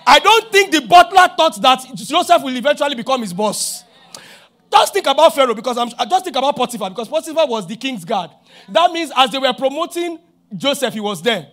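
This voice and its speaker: Nigerian pastor, middle-aged man, very high voice, animated sermon delivery with bursts of shouting. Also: brisk. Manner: animated preaching, shouting at peaks, acting out dialogue.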